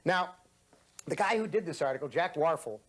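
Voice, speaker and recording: Host man from Ohio in his late fifties, dramatic reader and sardonic commentator, slightly high voice. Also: animated, moderate pace, a bit bright, no echo. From Ohio, USA. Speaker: host and author. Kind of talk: story reading and commentary.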